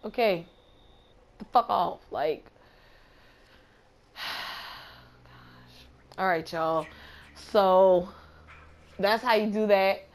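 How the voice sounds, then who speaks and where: A woman's voice: mid-range voice, extremely slow, pauses often. A woman streamer commenting on her gameplay in a casual, profane, trash-talking way. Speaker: gamer streamer.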